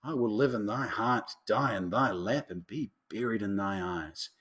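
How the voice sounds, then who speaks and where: A man playing a lovesick young gentleman, speaking softly and low. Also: moderate pace, natural voice. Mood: tender. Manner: soft, low, murmured.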